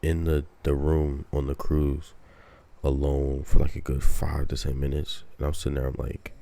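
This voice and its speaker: A young man with an extremely low, gravelly voice, chatting casually as a podcast co-host. His tone is dark and mellow, and he tells slangy, profane stories full of quoted asides. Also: completely flat delivery, normal speed, a little hiss or hum. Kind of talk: casual chat.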